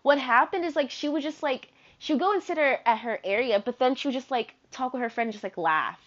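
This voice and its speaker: A young woman in her twenties rambles through her podcast in casual, animated monologue. Her voice sits somewhat high. The recording is slightly dull and lo-fi. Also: quick pace. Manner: chatty, animated, filler-heavy with frequent "like". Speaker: podcast host. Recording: dull lo-fi sound.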